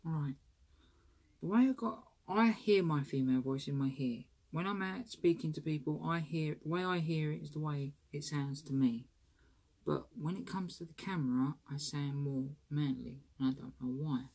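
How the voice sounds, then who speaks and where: A woman talks candidly to her camera in a vlog. Her voice is husky and mellow, and her chatty, rambling delivery is full of restarts and a self-conscious edge. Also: low voice, moderate pace. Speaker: vlogger. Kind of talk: candid personal vlog talk.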